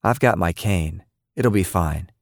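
A man's voice: low-pitched, unhurried, no echo, clean studio sound. A man voicing a playful, boastful elderly grandfather who teases with mock grandeur, in an audiobook-style story. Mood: stubborn.

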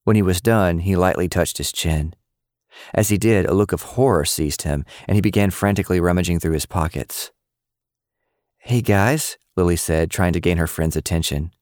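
A man narrates a novel in a steady, measured way. His voice sits very low. The recording is close and dry, with no room sound. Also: no echo. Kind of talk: scripted audiobook narration.

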